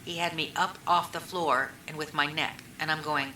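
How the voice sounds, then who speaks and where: A woman with a low, bright-edged voice rambles through her answers, stacking up "I mean" and "you know" as she retells who said what. She sounds like an old recording made in an echoey room with a faint hiss behind her. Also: fairly even intonation, brisk. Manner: rambling, retells conversations, many fillers. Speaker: witness being questioned. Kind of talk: recorded police interview.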